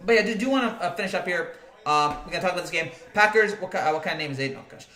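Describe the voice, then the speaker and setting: A man's voice: high voice, expressive, very fast, bright, forceful tone. A man hosting a casual livestream, rambling as he reads and answers viewer comments and often laughing. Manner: rambling, laughing, with frequent fillers and restarts. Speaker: livestream host. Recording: roomy echo.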